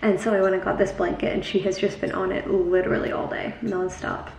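A woman's voice: medium pitch, flat delivery, brisk, creaky, a little mellow. A young woman talking casually to her vlog viewers from her home office. She is chatty, fills her talk with "like" and "um", and says she is tired. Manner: chatty, lots of "like" and "um". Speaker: vlogger.

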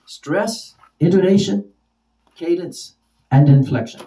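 Mellow-voiced male teacher, slightly distant. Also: sits high. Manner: repeats example words slowly with varied stress. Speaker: ESL teacher. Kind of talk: spoken lesson for teachers.

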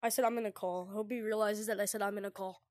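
Fast-talking jittery woman gamer. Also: mid-range voice, steady tone, no echo. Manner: jittery, repeats herself when scared. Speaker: gaming YouTuber. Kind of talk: casual gameplay chat.

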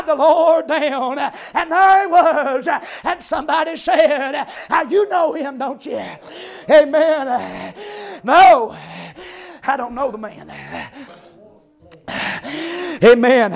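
Delivering an old-time revival sermon, this man's very high, gravelly voice alternates sharply between low, rapid asides and ringing cries. His rhythmic chanting is punctuated by "uh" and builds into shouted hallelujahs.

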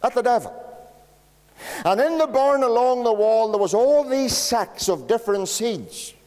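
A Northern Irish pastor preaching a sermon, telling homely stories in a lively way. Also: male voice, very high voice, unhurried. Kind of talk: storytelling sermon. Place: church. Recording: long church reverb.

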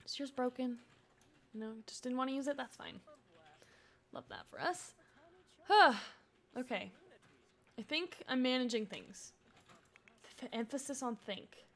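A young woman with a high, gravelly voice talks unhurriedly and pauses often while streaming a life-sim game. Her casual commentary has her chatting, coaxing her characters along and laughing frequently.

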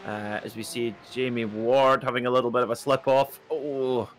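A man giving sim racing commentary, excitable and quick to jump up in pitch at close moments. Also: slight background noise.

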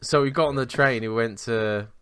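A man's voice: mid-range voice, fairly quick, fairly bright tone, clear, resonant tone, dry recording. A young man, co-hosting a podcast and telling rambling, sweary, self-mocking stories in casual chat. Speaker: podcast co-host.

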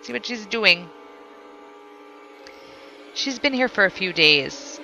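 A woman's voice: medium pitch, animated, slow pace, gravelly, bright, forceful tone, highs cut off, soft background music. A woman streamer playing a horror game, chatting with her viewers and reading the notes she finds aloud. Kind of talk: casual let's play commentary.

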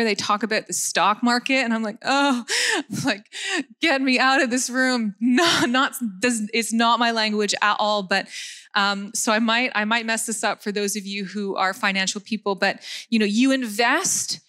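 Lively woman preaching. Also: mid-range voice, normal speed. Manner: animated, laughing often, self-deprecating asides. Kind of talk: sermon.

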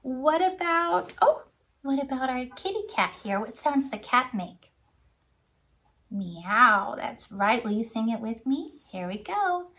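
A woman's voice: high-pitched, animated, moderate pace. A woman leading a children's Sunday school lesson, coaxing young viewers to sing along and making animal sounds. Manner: makes animal sounds and gasps of surprise.

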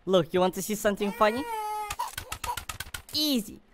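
Excitable woman narrating gameplay, wildly swooping. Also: sits low, slow, very noisy. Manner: excitable, talks to viewers, simple non-native phrasing. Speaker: gaming video host. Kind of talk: gameplay commentary.

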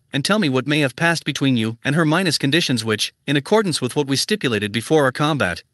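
A man reading a classic novel aloud as an audiobook narrator, in an even, measured way that keeps the dialogue close to his narrating voice. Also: fairly high pitch, no room sound. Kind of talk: scripted narration.

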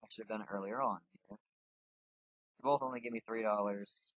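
A man's voice: lowish voice, steady tone, a little fast, fairly bright tone, no echo. Rambling young-sounding gamer man, dull mic. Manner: rambling, self-mocking, thinks aloud while playing. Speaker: gaming channel host. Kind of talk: casual let's-play commentary.

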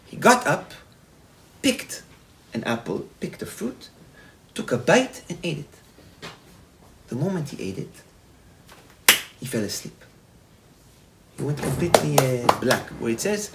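A man, a rabbi, retelling a parable in a sermon, animated and repetitive. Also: a little high, unhurried, pauses often, noisy background. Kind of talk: sermon storytelling.

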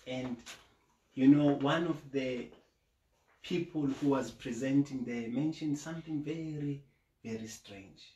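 A man preaching at home in an echoey room. His voice sits in a middle pitch, measured and earnest. He pushes to emphatic peaks on key points. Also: dark tone. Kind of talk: sermon.

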